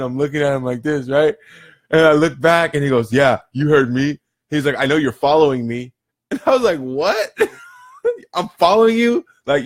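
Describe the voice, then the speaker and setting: A man telling a personal story to camera in a casual, rambling way, with lots of fillers, self-corrections and bursts of laughter as he acts out his side of the exchange. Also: medium pitch. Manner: animated, rambling, laughs between phrases. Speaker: vlogger telling a daily story.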